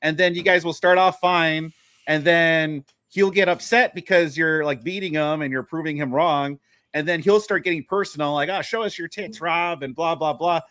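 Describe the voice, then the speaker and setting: A man's voice: fairly high pitch, steady tone, normal speed, fairly bright tone, clear, resonant tone, dry recording. A man appearing as a guest on a live stream, easygoing and agreeable, laughing often as he chats. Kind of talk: casual livestream chat.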